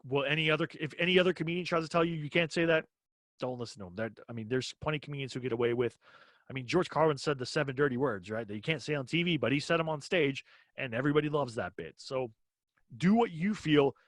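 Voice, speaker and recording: Male comedy podcast co-host, opinionated and animated, dry close mic. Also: fairly high pitch, quick pace, no echo. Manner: opinionated, animated, acts out quoted exchanges. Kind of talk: casual podcast chat.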